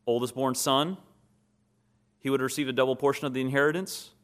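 A man's voice: mid-range voice, fairly even intonation, fairly quick. A man preaching a sermon, who asks his listeners questions, answers them himself and acts out short scenes in quoted voices.

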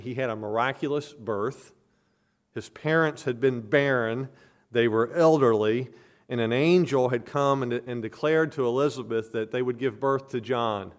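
Man, pastor, sermon, earnest, emphatic, repeats key phrases, mid-pitched voice. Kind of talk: expository sermon.

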